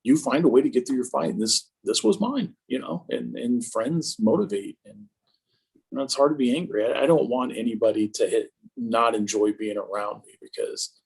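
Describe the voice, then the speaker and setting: A man's voice: mid-range voice, normal speed, creaky, darkish tone, slightly rough, poor audio. A man in his fifties, a guest in a casual interview, telling stories about his life with a self-mocking, joking humor. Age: 50s. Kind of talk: casual conversation.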